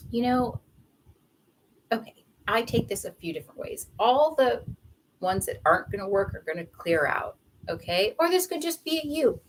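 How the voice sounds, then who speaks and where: A young woman reads tarot cards live and chats along. Her voice is bubbly and giggly. It swoops up and down a lot, sits on the high side, and she rambles happily between cards. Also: very animated, moderate pace, low-quality recording. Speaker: tarot reader. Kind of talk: live tarot reading with chatty asides.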